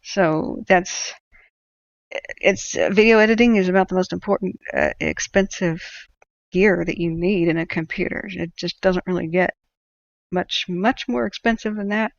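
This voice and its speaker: A woman's voice: fairly low pitch, moderate pace, gravelly, dry recording, muffled recording. A woman hosting a casual livestream, rambling and thinking aloud with lots of fillers as she talks at her computer. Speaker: livestream host.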